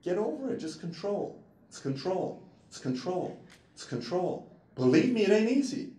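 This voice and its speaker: A man's voice: sits high, normal speed, a little hiss or hum. A man in his thirties, hosting a casual, joking talk to a small group about self-control. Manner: animated, joking, puts on voices. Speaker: entrepreneur host. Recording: echoey room, mic far off.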